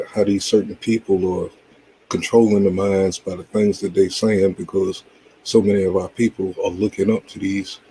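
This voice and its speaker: A man's voice: sits low, dark tone, husky, poor audio. A man hosting a casual reaction commentary, laid-back and agreeing, often saying "you know what I'm saying". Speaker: channel host reacting to a clip.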